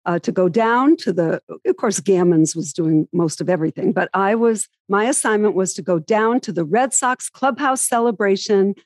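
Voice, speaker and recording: A woman's voice: medium pitch, normal speed, few pauses, darkish tone, dry recording. A woman interviewing a guest in an enthusiastic, chatty way. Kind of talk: casual interview.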